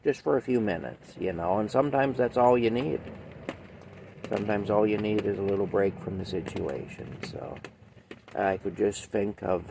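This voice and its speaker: A hoarse man with a sore throat, rambling in a folksy way as he chats with a cow companion and often adds "eh". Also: fairly low pitch, moderate pace, noisy background. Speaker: video host reacting to a song. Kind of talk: casual chat to a toy cow.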